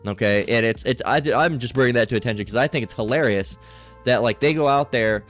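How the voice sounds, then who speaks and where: A man's voice: medium pitch, brisk, soft background music. Rambling, mocking religious commentator man. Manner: rambling, mocking, constantly asks "all right?".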